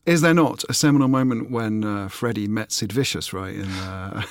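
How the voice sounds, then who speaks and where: A man's voice: lowish voice, normal speed, no room sound. A man co-hosting a music podcast, prompting stories and agreeing in casual chat. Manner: prompting, agreeable, lots of short assents. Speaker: podcast co-host.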